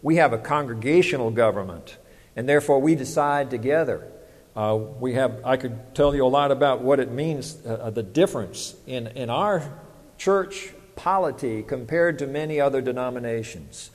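A man's voice: mid-range voice, normal speed. A man, preaching a sermon as pastor, conversational and full of rhetorical questions. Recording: long hall reverb.

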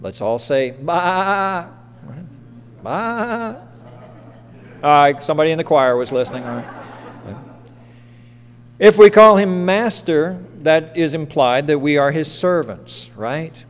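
A man gives a sermon in a church, talking plainly and often asking questions of the people in the pews. His voice sits a little high for a man. The sound has a long reverb off the walls of the hall. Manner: conversational, asks the congregation questions. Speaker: pastor. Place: church sanctuary.

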